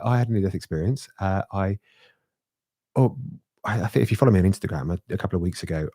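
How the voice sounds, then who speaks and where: Middle-aged man, podcast co-host, quick, slightly husky, low voice, dry sound. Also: dry recording. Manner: animated, laughing, swearing. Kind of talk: casual chat, storytelling.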